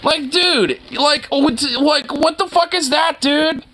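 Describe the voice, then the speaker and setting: A man giving profane, rambling reaction commentary on a video, excitable and swearing constantly. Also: very high voice, slow pace, heavy background noise. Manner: excitable, swears constantly, breaks into outraged shouts.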